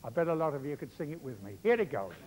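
Older comic with chatty patter. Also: male voice, a little high, lively intonation, racing. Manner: chatty music-hall patter. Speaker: comedian. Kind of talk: live comic storytelling on stage. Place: theatre stage before a live audience. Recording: live theatre recording with loud music. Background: loud band music.

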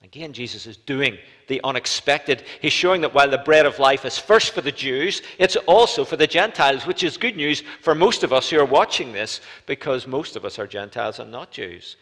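A Northern Irish man preaching a sermon in a church, asking rhetorical questions and swinging between loud and soft for emphasis. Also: medium pitch, animated, a little fast, hardly any pauses. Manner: rhetorical questions, rises and drops in volume for emphasis. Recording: church live stream with long reverb.

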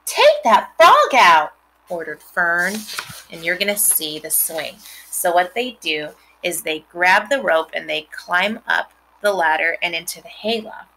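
A mother reading a storybook aloud and pausing to explain words and scenes to her listeners. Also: lowish voice, creaky, sharp tone, a little hiss or hum, rough recording.

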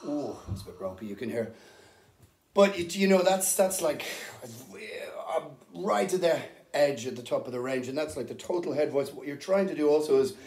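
A middle-aged man talks through his metal singing technique in a loose, off-the-cuff way. His voice sits a little high for a man and swings about lively in pitch. He is recorded in a band rehearsal room with a roomy echo around him. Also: background noise. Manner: rambling, informal, with many fillers. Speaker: heavy metal singer explaining technique. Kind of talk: casual unprepared vocal lesson.

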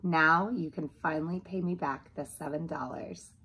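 A woman's voice: low-pitched, normal speed, sharp tone, husky, exaggerated voice. A woman reading aloud, voicing a bossy, cheeky little sister in a picture book. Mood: teasing.

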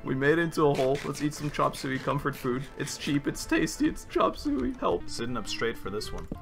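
A man's voice: fairly high pitch, very animated, brisk, vocal fry, a bit bright, soft background music. A man streaming video games, cracking jokes and laughing often as he comments on his play. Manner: jokey, laughs often, banters with himself. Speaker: gaming streamer. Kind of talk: playful gameplay commentary.

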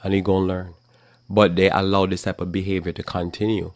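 Middle-aged male Bible teacher, low gravelly voice, loose and conversational, acts out quotes; dry close mic. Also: little pitch movement, a little fast, no room sound. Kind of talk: live talk program sermon.

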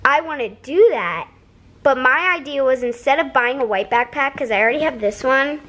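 Bubbly high-voiced young woman vlogging. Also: expressive, moderate pace, fairly bright tone. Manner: bubbly, giggly, gushing. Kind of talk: casual vlog chat.

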